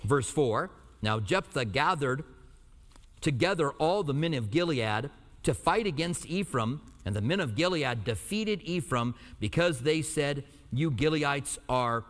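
A man preaching verse by verse, reading scripture at a measured pace before easing into relaxed, lightly humorous explanation. His voice sits at an ordinary pitch for a man and carries the long reverb of a large hall. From Albuquerque, New Mexico. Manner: reads scripture slowly, then explains in a conversational, lightly joking aside. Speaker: pastor. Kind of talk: verse-by-verse sermon. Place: church in Tucson.

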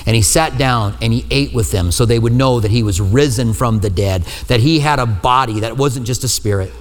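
A male pastor preaching a sermon, telling the story lively and acting out the quoted lines with humor. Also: mid-range voice, normal speed, in a large hall, soft background music.

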